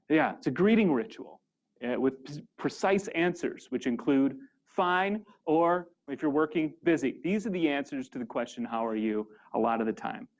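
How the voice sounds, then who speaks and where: A man's voice: a little high, dull audio. A man presenting a workshop seminar to a live audience, conversational and full of questions to the room.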